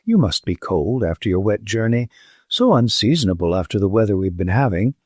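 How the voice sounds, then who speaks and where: A man's voice: on the low side, big pitch swings, a little fast, a little mellow, no echo, studio quality. A man voicing a composed middle-aged society mother with a poised, hospitable manner. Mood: gracious. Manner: smooth, poised, politely hospitable.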